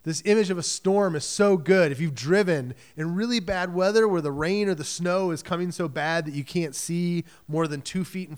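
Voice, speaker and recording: Male pastor, conversational sermon, lively retelling, slightly higher voice. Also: clean tone. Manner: conversational, animated, acts out the story in quick quoted voices.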